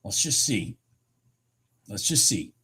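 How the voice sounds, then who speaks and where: A futures trader streams live, his lowish voice swinging widely in pitch as he talks slowly over heavy background noise. Watching his charts, he mutters in frustration and keeps pleading with the market to move his way.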